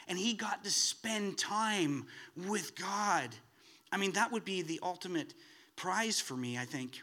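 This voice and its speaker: A man preaching a sermon with a high, bright voice. He talks in an animated way and often climbs to excited, emphatic peaks. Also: a little slow.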